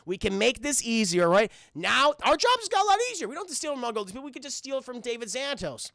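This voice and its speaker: A man's voice: very high voice, very animated, quick pace, vocal fry, bright, forceful tone, no room sound, studio quality, exaggerated voice. A man voicing a sly, scheming male criminal who coaxes his partner along, in a cartoon recap.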